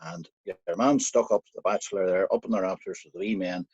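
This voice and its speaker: Husky Irish storyteller man. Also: low voice, brisk, dry recording, dull audio. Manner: lively, conversational, speaks to listener directly. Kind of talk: folk tale storytelling.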